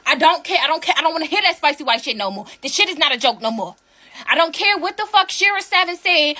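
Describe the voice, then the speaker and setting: A woman's voice: high-pitched, sing-song, quick pace, bright, forceful tone. A woman delivering a heated, profane rant straight to camera.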